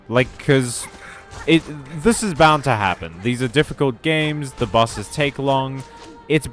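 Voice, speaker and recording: A man streaming a video game, chatting casually in a rambling, joking way with some swearing. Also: medium pitch. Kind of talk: casual gaming stream chat.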